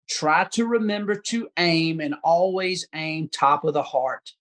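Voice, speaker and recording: A man as a podcast guest, talking casually in a folksy way and giving hunting advice. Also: a little high. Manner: folksy, gives advice, says dude and bro. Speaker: guest hunter. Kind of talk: casual chat.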